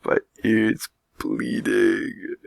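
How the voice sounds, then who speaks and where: A man's voice: deep voice, very animated, moderate pace, vocal fry, a bit bright, no echo, exaggerated voice. A man voicing a whiny eight-year-old girl who sobs and wails her complaints. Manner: sobbing, wailing complaints.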